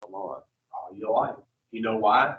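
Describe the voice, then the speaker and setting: In a blunt teaching session for an addiction recovery group, a man with a fairly low voice and lively intonation speaks a little slowly. He uses profanity and fires questions at his listeners. The room is dull and echoey, recorded from far away.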